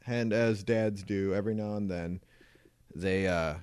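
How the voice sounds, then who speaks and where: A man's voice: lowish voice, fairly even intonation, measured pace, a little mellow, clear, resonant tone, dry recording. A man in his thirties co-hosting a podcast, telling a rambling story in casual chat with plenty of swearing. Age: 30s. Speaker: podcast co-host.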